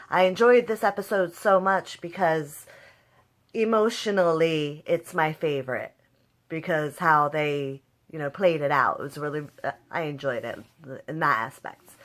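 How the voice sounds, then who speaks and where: A young woman talks through a TV episode in a casual review. Her voice sits a little low, and her telling is emotive. When she acts out her own reactions, her voice rises. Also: fairly bright tone.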